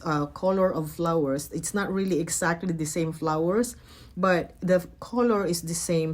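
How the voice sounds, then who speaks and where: Woman, middle-aged, slightly low voice, casual craft tutorial, chatty, gentle, lots of fillers. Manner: chatty, gentle, frequent fillers and self-corrections. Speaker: craft vlogger.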